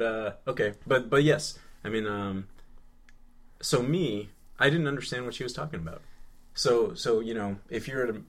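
Low-voiced man chatting, halting and amused. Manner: hesitant, repeats words, laughs often. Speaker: podcast co-host. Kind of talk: casual chat.

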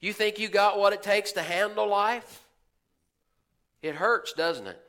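Bright high-voiced folksy preacher man. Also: a little slow. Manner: folksy, preaching with rhetorical questions and asides; acts out quoted voices of churchgoers. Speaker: pastor. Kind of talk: sermon.

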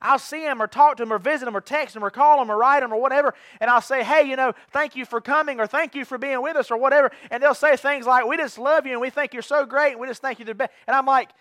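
A man's voice: extremely high pitch, steady tone, fast, few pauses, a bit bright, dry recording, studio quality. A young man preaching a sermon as pastor, fervent and given to repeated rallying cries. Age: young adult. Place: church sanctuary.

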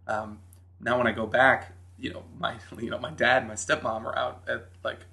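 A man's voice: medium pitch, moderate pace, gravelly. A man from New Hampshire, a podcast guest, telling a story in casual chat and acting out quotes. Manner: animated storyteller, acts out quotes.

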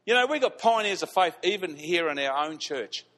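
A fairly high-voiced man preaching to his congregation, telling stories with lively emphasis and repeating key phrases. His voice rings out with a long hall reverb around it. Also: moderate pace. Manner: animated, repeats lines for emphasis, laughs at his own stories. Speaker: pastor. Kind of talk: storytelling sermon. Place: church hall.

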